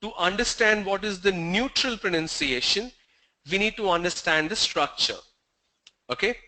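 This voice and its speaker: A man teaching English pronunciation in an online class, speaking in a measured way, asking the class questions and repeating key points. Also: high voice, sharp tone, poor audio.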